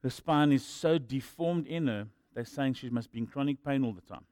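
A man preaching a sermon and telling personal stories, moving between loud emphatic lines and quiet asides. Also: mid-range voice, normal speed, no echo, studio quality. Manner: storytelling, swinging from loud emphasis to hushed asides.

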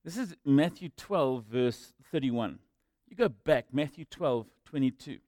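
This male preacher, recorded up close with no echo, mixes personal testimony into his sermon. His ordinary mid-range voice is animated and measured, rising to emphatic, loud statements and dropping to quiet, confiding asides.

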